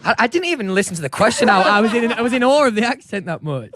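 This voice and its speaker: A man's voice: sits high, sing-song, quick pace, a crowd in the background. Joking young man with a northern English accent. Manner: joking, self-deprecating. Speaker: guest singer. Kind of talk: casual radio interview.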